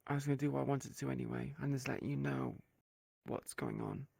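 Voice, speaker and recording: A man with a deeply gravelly, husky voice speaks in character during an online roleplay. He is blunt and dryly sarcastic and swears casually. His voice sounds close and dry. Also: steady tone, a little fast, a little mellow, no echo. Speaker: roleplay player.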